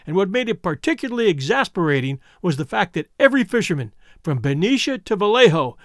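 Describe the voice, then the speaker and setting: A man narrating a classic adventure story in an expressive, animated way. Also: high-pitched, quick pace, dry recording, studio quality. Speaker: audiobook narrator.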